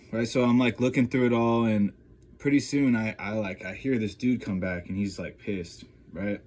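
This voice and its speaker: Low-voiced man rambling through a story. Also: darkish tone. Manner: rambling, filler-heavy, keeps checking in with "right?" and "you know?". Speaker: vlogger. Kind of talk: casual first-person storytelling.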